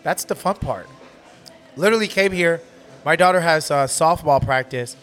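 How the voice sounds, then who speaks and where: Podcast host, 30s male, animated motivational chatter, bar setting with soft music. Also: fairly high pitch, moderate pace. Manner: animated, motivational, says literally a lot. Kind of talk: casual chat.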